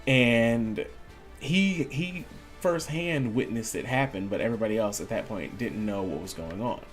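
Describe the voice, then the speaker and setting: A man's voice: mid-range voice, normal speed, faint music behind. A man streaming a video game, chatting casually and acting out the voices of people in his story. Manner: animated storyteller, acts out quoted voices. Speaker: gaming streamer. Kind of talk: casual storytelling while gaming.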